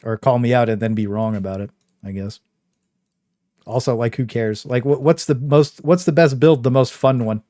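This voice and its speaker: A man's voice: mid-range voice, normal speed, mellow, dry recording, studio quality. A young man casually chatting on his game livestream, rambling with lots of fillers and a trolling swagger. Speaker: game streamer.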